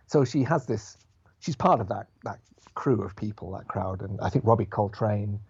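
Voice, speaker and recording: Man guest explaining stuff slowly, gravelly husky voice, dull lo-fi audio. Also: on the low side, lively intonation, a little mellow. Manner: thoughtful, explanatory, with hesitations. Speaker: podcast guest. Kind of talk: casual chat.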